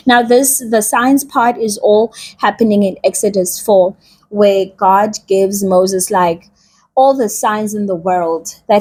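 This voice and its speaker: A woman shares a bible lesson in a relaxed vlog. She talks slowly and chattily, repeats herself and drops into slang, and her voice has a faint huskiness at a middle pitch. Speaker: bible teacher, vlogger. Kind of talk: casual bible teaching vlog.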